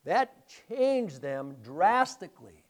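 A middle-aged man preaching a sermon, swinging between loud, emphatic declarations and quiet, hushed storytelling. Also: sits high, big pitch swings, takes it slowly. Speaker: pastor.

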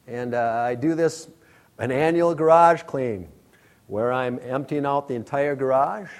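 A man's voice: medium pitch, unhurried. A middle-aged male pastor preaching a sermon, telling stories with acted-out exclamations. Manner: storytelling, animated with acted-out exclamations.

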